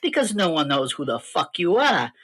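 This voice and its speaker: A woman's voice: low-pitched, big pitch swings, normal speed, a bit bright, breathy edge, full character voice. A woman doing a crude, boastful Brooklyn director. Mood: scornful. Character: brash foul-mouthed dead male film director, arrogant. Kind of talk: parody ad skit.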